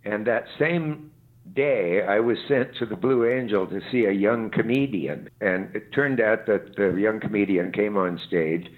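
Older male guest, low-ish voice, dry wit, on a tinny remote call. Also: a little slow. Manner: dry, wry humor. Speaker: guest expert. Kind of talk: anecdotal storytelling. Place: his home. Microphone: video call. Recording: tinny internet call line.

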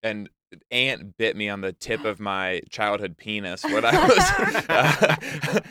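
Male comic guest from Texas; deadpan and hesitant, low, bright, smooth voice. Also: slow, no echo, studio quality. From Texas, USA. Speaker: panel guest. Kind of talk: comic storytelling.

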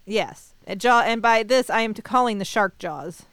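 A young adult woman co-hosting a podcast, chatting casually with her sisters in a wry, measured way. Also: medium pitch, expressive, fairly bright tone, no echo. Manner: wry, measured, reads sponsor spots. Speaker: podcast co-host. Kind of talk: casual chat among sisters.

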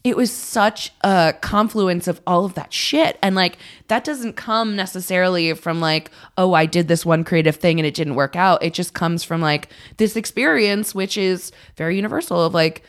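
With a lowish voice at a normal pace and few pauses, this thirty-something podcast guest talks openly in a casual, wandering way. She swears without restraint and jokes at her own expense.

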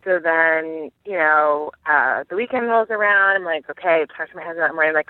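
A woman's voice: fairly low pitch, a little fast, hardly any pauses, dry recording. A woman in her thirties calling in to tell a rambling, self-mocking parenting story, her voice coming through a phone. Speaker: caller sharing a parenting story. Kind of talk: recorded phone rant. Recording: tinny phone line.

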